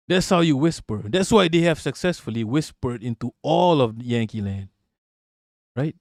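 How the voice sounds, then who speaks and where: A man's voice: medium pitch, expressive, measured pace, long pauses, a little mellow, no echo. A man rants on a livestream in a mid-range voice, emphatic and profane, stacking rhetorical questions and repeating lines for effect. The sound is dry and close, with no room around it. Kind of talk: casual livestream rant.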